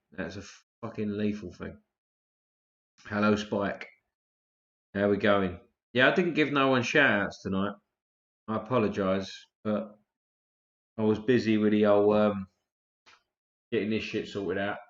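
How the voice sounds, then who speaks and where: A man's voice: fairly low pitch, fairly even intonation, measured pace, long pauses. A man hosting a casual live stream, chatting loosely and swearing freely while tired and yawning. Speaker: livestream host. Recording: roomy, dull lo-fi stream audio.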